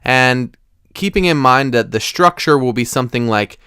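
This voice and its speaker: A man leads a recorded language lesson, talking through each step slowly and deliberately. His voice is smooth and clear, and he sits right at the microphone in a dead, dry room with no echo. His pitch sits in the middle for a man. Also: expressive, bright, forceful tone. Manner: slow, deliberate explanations with careful pronunciation. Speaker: Spanish teacher.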